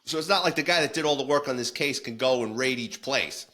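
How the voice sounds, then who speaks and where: A former police detective swaps war stories in a casual, blunt, salty way, often restarting his sentences. His voice is medium-pitched, fast, pushed and bright.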